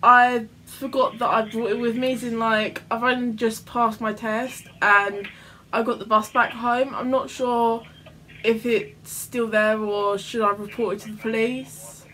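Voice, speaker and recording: A young woman vlogger chatting excitedly with a friend and making prank phone calls. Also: on the high side, unhurried, a little hiss or hum, poor audio. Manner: giggly, excitable between calls. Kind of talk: casual chat and prank call.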